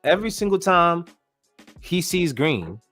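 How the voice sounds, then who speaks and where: A man hosting a casual sports podcast, talking in an animated, slangy, joking way. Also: a little high, measured pace, soft background music. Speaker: podcast host.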